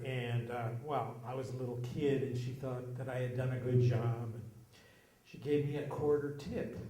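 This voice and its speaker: An older man telling funny stories from his childhood, putting on customers' voices in higher tones. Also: a little mellow. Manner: acts out customers' lines in raised voices. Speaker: local storyteller. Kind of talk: casual anecdotal storytelling. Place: small hall at a historical society talk. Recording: roomy hall recording with faint ambience.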